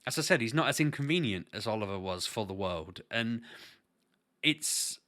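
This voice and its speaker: A man's voice: lowish voice, lively intonation, normal speed, bright, forceful tone. A man talking casually to camera as a parent vlogger, earnest and rambling, often restarting his sentences.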